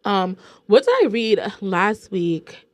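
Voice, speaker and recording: A woman's voice: medium pitch, slow pace. A young woman, a guest entrepreneur, talking casually about faith in a rambling way, with lots of "like.". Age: young adult. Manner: rambling, heavy use of "like".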